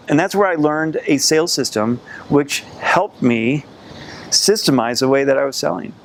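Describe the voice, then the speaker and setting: Gravelly man telling a personal story. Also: medium pitch, slight background noise. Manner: earnest, reflective storytelling with pauses. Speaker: sales coach. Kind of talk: storytelling to camera.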